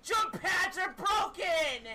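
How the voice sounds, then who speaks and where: A man's voice: extremely high pitch, lively intonation, takes it slowly, shouting, recorded from a distance, a crowd in the background. A man streaming a game, screaming and swearing in rage in an old clip. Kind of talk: raging gameplay clip.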